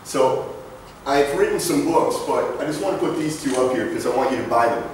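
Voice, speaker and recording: A man's voice: medium pitch, expressive, brisk, slight background noise. A man in his forties giving a conversational talk to students, telling stories with jokes and asides. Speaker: guest lecturer. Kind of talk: presentation to students. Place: large lecture hall. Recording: echoey hall from far off.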